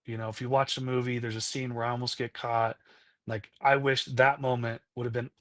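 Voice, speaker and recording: An earnest man in his thirties tells his own story with open, unpolished honesty. His voice sits at an ordinary middle pitch. It is captured dry and close, with little room sound around it. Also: level tone, a little fast, a bit bright, no room sound. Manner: earnest, keeps checking in with "right?" and "you know?"; acts out past conversations in quoted voices. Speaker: podcast guest. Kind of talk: candid personal storytelling.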